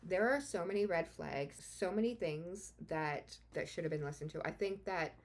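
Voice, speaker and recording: A woman's voice: fairly low pitch, normal speed. A woman hosting a true-crime podcast, telling the story casually and bluntly, swearing freely and getting openly indignant. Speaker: podcast host.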